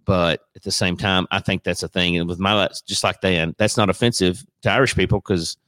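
A man's voice: low voice, steady tone, a little fast, a bit bright, no room sound. A man with a Southern US accent, rambling and joking as a podcast co-host in casual chat. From American South. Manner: rambling, joking, laughs often.

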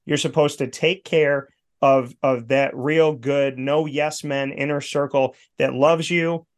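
A man's voice: medium pitch, takes it slowly. A man who hosts a sports broadcast, chatting casually and acting out quotes as he tells stories. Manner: animated storyteller, acts out quotes.

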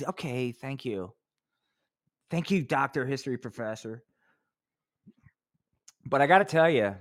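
A man's voice: mid-range voice, dry recording. Guy rambling on his live podcast, cussing a lot, cuts himself off, dry close mic. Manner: rambling, profane, self-interrupting. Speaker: podcast host.

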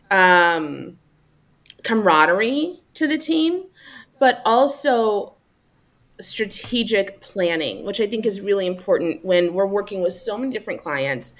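A woman's voice: medium pitch, expressive, moderate pace. A woman talking in a casual interview about her marketing work, chatty and upbeat with many fillers. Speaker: marketing manager.

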